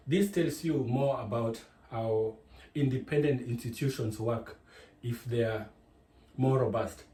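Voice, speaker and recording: A man's voice: mid-range voice, mellow. A man with a Kenyan accent giving a chatty, digressive home cooking tutorial from his kitchen, explaining each step. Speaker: home cook. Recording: echoey kitchen with faint noise.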